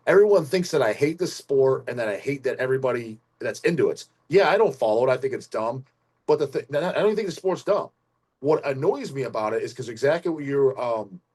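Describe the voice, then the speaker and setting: Husky, laid-back podcast host. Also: male voice, mid-range voice, darkish tone. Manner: laid-back, profane, laughs easily. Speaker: podcast host, channel creator. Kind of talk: casual podcast chat.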